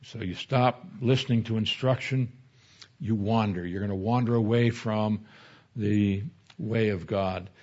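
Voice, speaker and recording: A man's voice: lowish voice, fairly even intonation, measured pace, darkish tone, lo-fi sound. A man preaching an expository sermon in a conversational teaching manner, mixing scripture explanation with personal anecdotes. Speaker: pastor.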